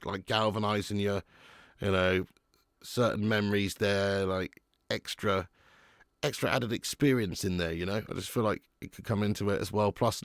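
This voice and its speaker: A man's voice: lowish voice, gravelly, no room sound, clean studio sound. A man hosting a live football watch-along, commentating and chatting with viewers, reading out their comments. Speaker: watch-along stream host.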